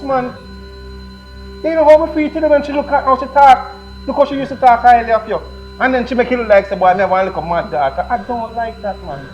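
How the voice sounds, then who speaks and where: A man with a Jamaican accent playing a worried father who earnestly pleads with his daughter and repeats himself as he begs. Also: sits high. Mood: scolding. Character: worried father, middle-aged, stern and loving. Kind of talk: improvised family drama skit. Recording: slightly dull lo-fi sound.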